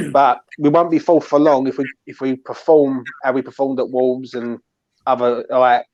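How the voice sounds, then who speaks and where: A man's voice: medium pitch, flat delivery, moderate pace, darkish tone, dry recording. A man giving passionate, emphatic opinions as a guest pundit on a live fan show. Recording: dry, dull lo-fi mic.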